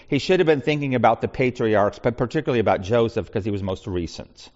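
A man's voice: medium pitch, animated, brisk, few pauses. A man leading a Bible study, talking conversationally with frequent restarts and asides. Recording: muffled lo-fi recording.

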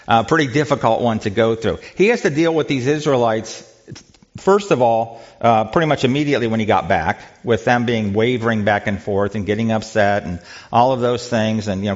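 A man's voice: medium pitch, lo-fi sound. Man teaching a church Bible study. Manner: conversational, asks the group questions, repeats words.

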